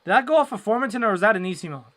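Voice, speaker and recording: High-voiced young man rambling. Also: expressive, rapid-fire. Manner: rambling, fills with "like", flares up loud and exasperated. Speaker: livestream watchalong host. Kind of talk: casual live hockey commentary.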